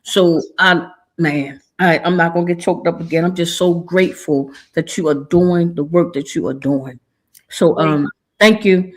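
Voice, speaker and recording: A woman's voice: fairly low pitch, steady tone, unhurried. Emotional preachy woman talk host. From Maryland, USA. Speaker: show host. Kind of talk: casual talk show sign-off.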